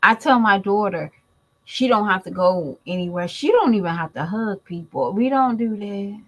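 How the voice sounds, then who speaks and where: A woman's voice: mid-range voice, animated, normal speed, rough recording. A woman and mother giving blunt, emphatic commentary in a vlog, talking straight to her viewers.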